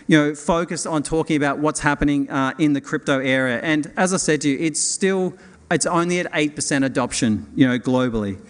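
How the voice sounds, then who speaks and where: A man's voice: fairly high pitch, a bit bright, clean tone. A middle-aged man, hosting an investment conference in a hotel hall and introducing presenting companies with enthusiastic, rambling restarts. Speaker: event host.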